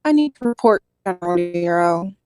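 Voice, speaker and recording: A woman's voice: fairly low pitch, expressive, fairly quick, darkish tone, clean tone, no room sound, soft background music, natural voice. A woman doing a stiff, dutiful hunter. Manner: clipped, matter-of-fact.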